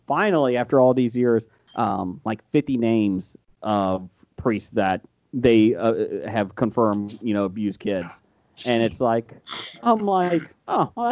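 A man's voice: medium pitch, darkish tone, no room sound. A man from the Cincinnati area co-hosting a podcast, telling stories in casual chat, swearing and laughing as he goes. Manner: storytelling, swears, laughs through his talk. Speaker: podcast co-host. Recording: dry, dull lo-fi sound.

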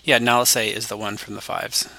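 A man's voice: on the low side, little pitch movement, a little fast, vocal fry, pushed and bright, rough recording. An American man co-hosting a casual podcast chat, rambling and eager as he spins fan theories. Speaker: podcast co-host.

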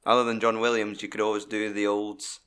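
A man's voice: lowish voice, monotone, brisk, fairly bright tone, clean tone. A Scottish man hosting a podcast, chatting casually with sweary, jokey banter. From Scotland. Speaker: podcast host. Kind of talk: casual chat.

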